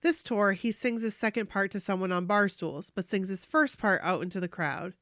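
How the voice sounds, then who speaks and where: A woman podcast host reading a listener's fan story aloud, animated and gushing, with emotional asides. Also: mid-range voice, moderate pace, no echo, studio quality.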